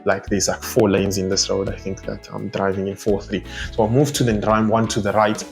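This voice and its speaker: A man's voice: fairly low pitch, flat delivery, fairly quick, gravelly, faint music behind. A young man from South Africa chatting casually in a vlog, rambling through asides and laughing as he goes. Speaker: vlogger.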